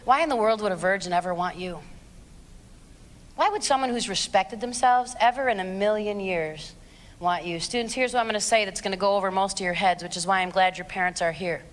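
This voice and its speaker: A woman's voice: mid-range voice, a little fast. A woman in her forties giving a blunt, sarcastic, emphatic speech to students and their parents in a large hall. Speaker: abstinence speaker. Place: large hall with a live audience. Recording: long hall reverb.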